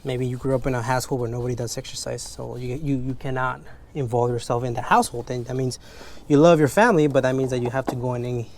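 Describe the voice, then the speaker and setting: A man's voice: mid-range voice, fairly even intonation, fast, few pauses, darkish tone. Candid man talking casually. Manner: candid, rambling, frank with casual swearing; speaks English as a second language. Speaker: car detailing vlogger. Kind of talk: casual motivational chat.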